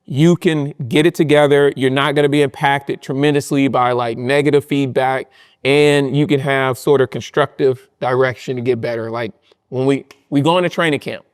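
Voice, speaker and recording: A young man in a casual interview, telling animated stories full of slang and acting out what people said to him. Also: mid-range voice, moderate pace, clear, resonant tone. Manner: animated storytelling, acts out quotes with slang. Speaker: guest, content creator.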